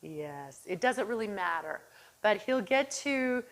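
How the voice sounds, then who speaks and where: Unhurried, calm, and encouraging, a woman dog trainer narrates a demonstration. She softly praises the dog in a low register and sometimes calls him with a high, excited voice.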